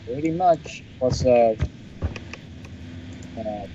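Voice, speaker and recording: A man chatting loudly and offhandedly as a player in a tabletop game, his voice in the middle of the range. The line sounds muffled and dull, with clear noise behind him. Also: mid-range voice, animated, extremely slow. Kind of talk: casual chat.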